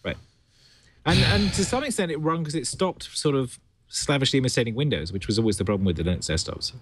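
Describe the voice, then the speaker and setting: A man's voice: mid-range voice, animated, quick pace, slightly rough. A man appearing as a guest on a tech podcast, thinking aloud with hesitant, trailing sentences. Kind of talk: casual tech podcast chat.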